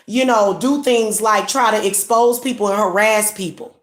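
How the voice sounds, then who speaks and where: A woman's voice: mid-range voice, moderate pace, hardly any pauses, reverberant. A woman speaking as a spiritual reader, preaching and scolding in a repetitive, indignant way with stumbling restarts. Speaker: spiritual reader and livestream host. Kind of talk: casual livestream monologue.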